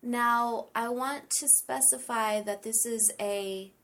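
A woman teaching English pronunciation in a relaxed chat, explaining with lots of examples. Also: on the high side, slow. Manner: explains with many examples and light laughter.

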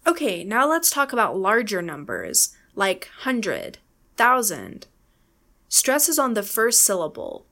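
A woman with an American accent co-hosting an English-learning podcast, reading a scripted pronunciation lesson and saying example words slowly and repeatedly. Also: medium pitch, wildly swooping pitch, fairly bright tone. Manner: clear, deliberate, demonstrates words by repeating them slowly. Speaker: podcast co-host, English teacher.

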